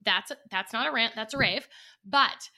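A woman's voice: fairly high pitch, moderate pace, sharp tone. A young adult woman co-hosting a podcast, chatting casually and rambling, with the odd swear. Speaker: podcast co-host. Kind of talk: casual chat.

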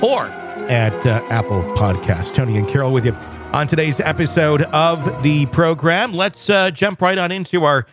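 A man's voice: fairly high pitch, moderate pace. A man hosting a call-in show, reading promos in an easygoing, chatty way. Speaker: host. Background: music.

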